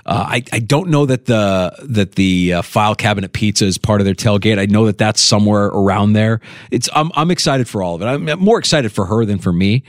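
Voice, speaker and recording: A man's voice: fairly low pitch, a little fast, hardly any pauses, no echo. A man hosting a sports radio show in a studio, talking in a casual, chatty way that rambles with restarts.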